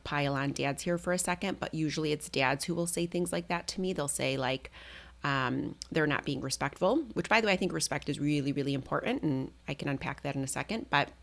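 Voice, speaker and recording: A middle-aged woman hosts a solo parenting talk. Her voice sits low and gravelly, with a noticeable fry. She explains things conversationally, full of "like" and "um". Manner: conversational, explanatory, with many fillers. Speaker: parenting coach and podcast host.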